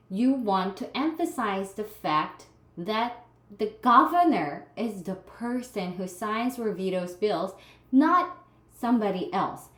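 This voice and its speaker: A woman with a Korean accent giving a recorded writing lecture, explaining patiently step by step with examples. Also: on the high side. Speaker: writing instructor. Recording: echoey room.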